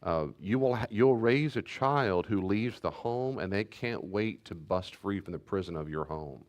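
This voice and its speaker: Low-voiced pastor teaching in plain talk. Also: male voice, lively intonation, a little slow. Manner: conversational, repeats key points, restarts sentences.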